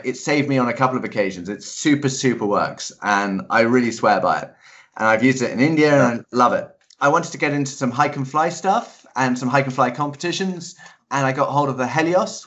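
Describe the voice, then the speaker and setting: A man being interviewed as a paraglider pilot, talking in an enthusiastic, animated way. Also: mid-range voice, highs cut off. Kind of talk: casual interview chat.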